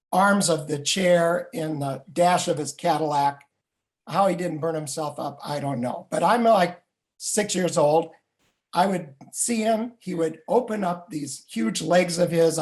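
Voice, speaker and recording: An older man and Jewish educator telling a family story in a vivid, animated way. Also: a little high. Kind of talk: storytelling talk.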